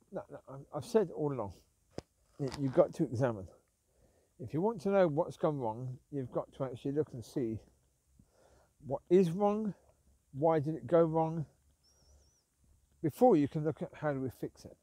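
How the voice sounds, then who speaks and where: This man's voice is a little high, expressive, and mellow with a breathy edge, at normal speed with long pauses and no echo. He's a Christian vlogger walking his dogs outdoors, rambling about ministers and sin and calling out to them as he goes.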